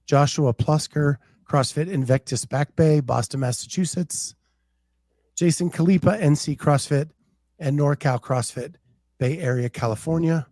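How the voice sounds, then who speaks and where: A male podcast host chatting at an unhurried, slow pace. His voice is fairly high and mellow, recorded dry and close. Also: no room sound. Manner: unhurried, chatty, reads names off a post. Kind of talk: casual chat.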